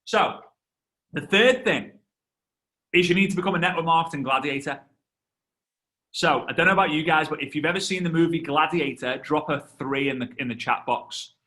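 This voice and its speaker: A man in his thirties giving a lively motivational training talk, telling stories with asides and shouts to his audience. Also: fairly high pitch. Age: 30s. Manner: animated storyteller, shouts and laughs, quick asides to the audience. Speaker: guest speaker.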